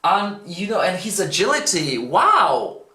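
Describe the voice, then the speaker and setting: Lively, slow-talking vocal coach in echoey room. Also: medium pitch. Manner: enthusiastic, breaks into exclamations and sung snippets. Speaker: vocal coach reacting to a singing video. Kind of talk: casual reaction commentary. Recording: roomy echo, faint music behind.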